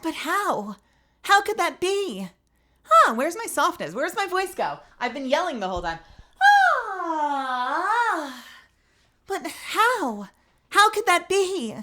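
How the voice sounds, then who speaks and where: A woman's voice: high voice, very animated, moderate pace, bright, forceful tone, voice pushed up, heavily acted. A woman voicing a timid young woman witness who stammers in shock during a courtroom game. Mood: bewildered. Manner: stammering, breathy gasps.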